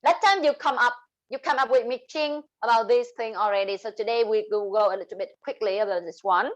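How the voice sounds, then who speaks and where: High-voiced Vietnamese-accented woman teacher. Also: rough recording. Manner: switches between English and Vietnamese explanations, drawn-out examples. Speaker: English teacher. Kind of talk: online class lesson.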